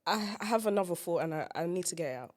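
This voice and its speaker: A woman's voice: on the low side, animated, quick pace, darkish tone. A young woman guesting on a comedy podcast, candid and rambling with a dry sense of humor. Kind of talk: casual comedy podcast chat.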